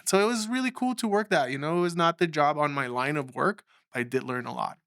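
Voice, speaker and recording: Bright, animated man from Mexico telling his story. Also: fairly high pitch, a little fast, clear, resonant tone, no room sound, clean studio sound. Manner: animated storyteller, acts out quoted dialogue. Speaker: filmmaker guest. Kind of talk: storytelling interview.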